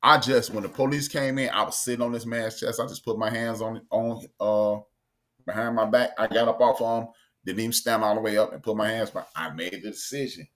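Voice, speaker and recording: Low-voiced man telling a story. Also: a little fast. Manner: storytelling, animated, acts out quotes. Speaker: podcast co-host. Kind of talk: casual chat.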